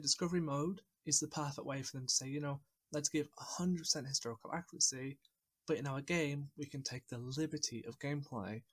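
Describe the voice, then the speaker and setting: A man's voice: medium pitch, a bit bright, dry recording. A man hosting a casual podcast chat, talking enthusiastically and rambling a little with fillers. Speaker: podcast host.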